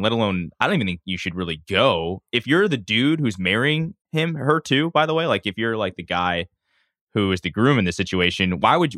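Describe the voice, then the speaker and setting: A man's voice: lowish voice, pushed and bright, dry recording, studio quality. A man co-hosting a podcast, reacting with incredulity and thinking aloud in casual chat. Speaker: podcast co-host.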